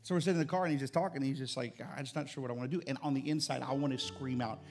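A middle-aged man, a pastor preaching a sermon to his church, building to loud, emphatic repeated phrases. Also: medium pitch, racing, hardly any pauses, soft background music. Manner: rising to loud emphatic repetition. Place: church service.

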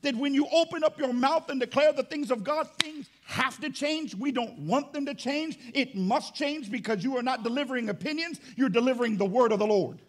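A man preaching a sermon as pastor, emphatic and rising to shouts. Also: very high-pitched, fairly quick, hardly any pauses.

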